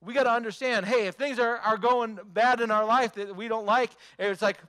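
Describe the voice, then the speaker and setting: A man's voice: extremely high pitch, steady tone, moderate pace, pushed and bright. A male pastor preaching a sermon, emphatic, repeating phrases and asking the congregation rhetorical questions.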